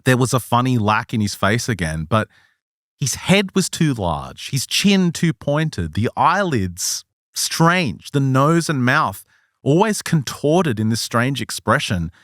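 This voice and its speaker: Male podcast host, slightly sick, animated storyteller, dry close mic. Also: mid-range voice, takes it slowly, no echo. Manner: lively, laughs often while telling. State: a little sick. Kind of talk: casual storytelling chat.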